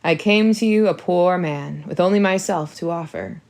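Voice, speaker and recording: A woman doing a calm, lower-voiced father. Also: normal speed, close to an everyday voice. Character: genial middle-aged father, man.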